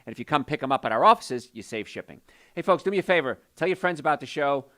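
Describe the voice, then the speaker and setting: A man hosting a call-in health show as a doctor, talking in an energetic, folksy, salesy way. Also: on the high side, fast. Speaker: radio show host and doctor. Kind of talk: call-in health radio talk.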